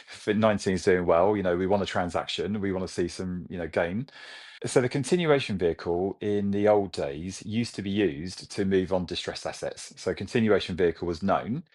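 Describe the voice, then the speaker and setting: A man in his forties from Britain, a company chief talking with animated enthusiasm in a business interview. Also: low-pitched. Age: 40s. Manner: enthusiastic, animated storytelling with laughs. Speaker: CEO guest.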